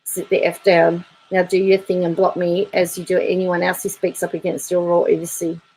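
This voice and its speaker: A woman's voice: lowish voice, level tone, brisk, darkish tone, breathy edge, rough recording. A woman YouTube commentator reading viewer comments aloud in a chatty, wry way, laughing between them.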